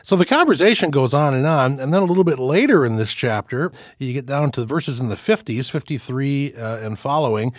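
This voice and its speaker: A man of ordinary pitch co-hosts a Bible discussion program. He talks in a relaxed, conversational way and lifts into expressive reading when he quotes scripture. The studio sound is close and dry. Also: brisk, hardly any pauses, dry recording. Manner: animated, reads scripture aloud with expression. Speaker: radio program co-host.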